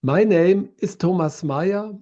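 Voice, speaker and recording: A man of about sixty with a German accent delivers a prepared lecture, slow and measured in pace. His voice sits rather high for a man yet sounds mellow and soft. The recording is a little dull and lo-fi. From Southern Germany.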